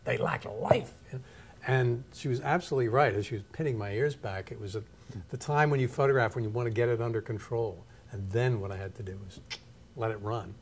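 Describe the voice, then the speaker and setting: A man's voice: medium pitch, slight background noise. A man, a photographer and teacher, reflecting and telling anecdotes in a studio interview. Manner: thoughtful, anecdotal, measured.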